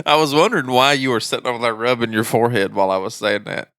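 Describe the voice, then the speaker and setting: A man with a country accent co-hosting a casual podcast, telling stories with dry, deadpan teasing. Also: mid-range voice, racing, clear, resonant tone, no room sound. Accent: rural country accent. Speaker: podcast co-host. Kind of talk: casual chat, storytelling.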